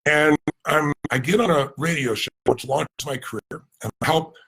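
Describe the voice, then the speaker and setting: An American man giving a motivational talk, telling a story with animated, emphatic delivery and acting out the voices of people in it. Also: fairly high pitch, normal speed, vocal fry, slightly rough. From United States. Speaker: motivational speaker. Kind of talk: energetic storytelling speech.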